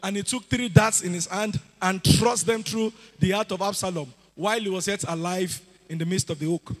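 A man preaching a sermon to a church, animated and sing-song, at times rising to shouts. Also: high-pitched, moderate pace. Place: church hall. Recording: echoey hall with music behind.

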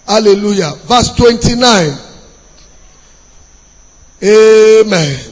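A man with a Nigerian accent preaching a sermon, telling a story and rising to shouts as he goes. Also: very high-pitched, expressive, normal speed, husky. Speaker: pastor. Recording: long hall reverb.

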